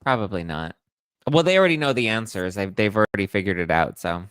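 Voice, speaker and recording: A man hosting a casual podcast, talking in a chatty, sarcastic way. His voice sits a little low and sounds smooth and clear. The sound is dry and close. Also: lively intonation, fast talker, a bit bright, no echo. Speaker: podcast host. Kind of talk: casual political chat.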